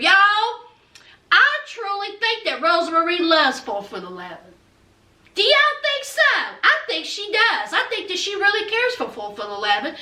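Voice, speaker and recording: A woman with a very high, bright voice dishes on a reality show in an animated, sassy way. Her pitch leaps all over the place. She sounds a little away from the mic in an echoey room. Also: moderate pace, distant mic. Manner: animated, sassy, laughs often, calls viewers honey. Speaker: reality TV recap vlogger. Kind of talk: casual gossipy commentary.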